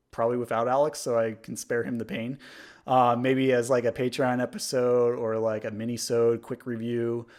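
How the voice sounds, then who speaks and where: Dude cohosting a podcast, chatty and opinionated, mid-pitch voice. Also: male voice, a little mellow. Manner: opinionated, chatty, frequent "like" fillers. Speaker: podcast co-host. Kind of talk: casual chat.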